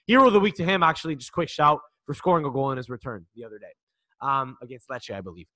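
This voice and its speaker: A man's voice: mid-range voice, fast, pushed and bright. A man co-hosting a casual sports podcast, rambling with lots of restarts and casual swearing. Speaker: podcast co-host.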